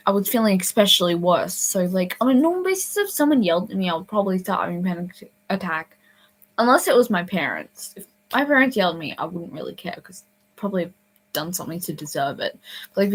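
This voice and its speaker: A woman's voice: on the low side, low-quality recording. A young adult woman telling a personal story in a casual, rambling way, full of fillers, restarts and sudden whispers. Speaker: storyteller vlogger.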